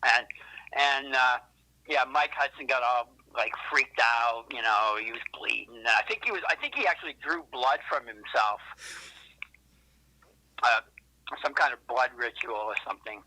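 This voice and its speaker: Guy rambling thru old band stories, cussing a lot, really bright edgy voice. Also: mid-range voice, normal speed, rough recording. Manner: rambling, profane, self-correcting asides. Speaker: interviewed musician. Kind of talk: casual interview storytelling.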